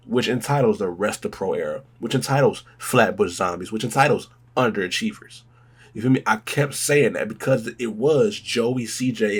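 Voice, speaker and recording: Husky, hyped man reacting to music. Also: on the low side. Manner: excitable, hyped, rambling. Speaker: reaction video host. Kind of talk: casual music reaction commentary.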